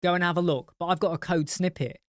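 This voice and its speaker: A man's voice: high-pitched, fairly even intonation, fast talker, dry recording, studio quality. A man hosting a live-stream chat, swearing bluntly as he tells client stories and answers viewer comments. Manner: blunt and profane. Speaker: host.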